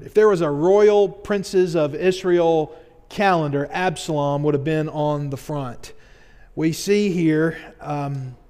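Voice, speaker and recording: A male pastor preaching a sermon earnestly, with quick asides where he acts out everyday moments. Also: on the high side, darkish tone. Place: church sanctuary. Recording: long hall reverb.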